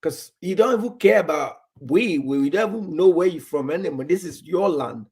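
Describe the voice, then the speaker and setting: A man from Nigeria with a slightly high, husky voice talks in a loose, rambling way. He restarts and repeats words, and he acts out little conversations as he goes. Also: expressive, brisk, a little mellow. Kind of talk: casual chat.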